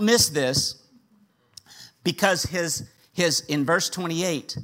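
Animated male preacher, bright voice. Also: on the high side, slow, long pauses. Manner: animated, acts out the characters' voices. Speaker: pastor. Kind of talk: sermon.

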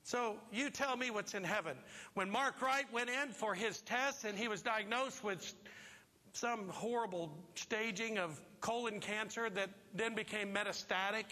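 A man preaching a sermon as pastor, telling stories with lively acted-out voices. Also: high-pitched, a little slow. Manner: animated storytelling, acts out voices. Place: church. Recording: long reverb of a large hall.

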